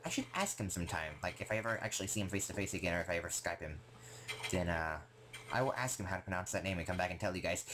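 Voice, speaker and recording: Young male gaming vlogger, rambling and excitable, very lively pitch. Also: slight background noise. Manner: rambling, excitable, full of fillers. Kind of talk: casual rambling vlog talk.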